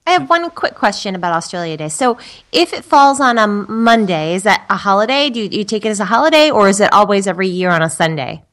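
A woman's voice: medium pitch, animated, fast, fairly bright tone. Curious woman asking questions. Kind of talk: casual chat.

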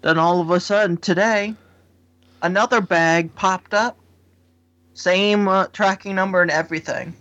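Higher-voiced man, slightly muffled audio. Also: fairly even intonation, measured pace, pushed and bright. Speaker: podcast co-host. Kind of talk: casual podcast chat.

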